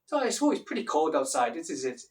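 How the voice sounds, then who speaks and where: A man's voice: on the high side, sing-song, racing, darkish tone, far from the mic. A man putting on a jolly Irish brogue. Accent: put-on Irish. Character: cheery stock Irishman greeting a lad.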